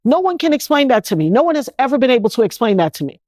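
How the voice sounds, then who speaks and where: A woman tells her own story as an interview guest, speaking emphatically and often restarting mid-thought. Her voice sits somewhat high. The recording is dry and close, with no room echo. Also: big pitch swings, very fast, a little mellow. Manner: emphatic, with many restarts and acted-out quotes. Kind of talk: emotional personal storytelling.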